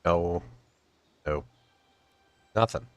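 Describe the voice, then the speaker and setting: A man's voice: deep voice, very slow, a little hiss or hum. A man casually commenting on his own gameplay, thinking aloud as he plays. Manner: relaxed, thinking aloud while playing. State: chewing food. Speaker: game streamer.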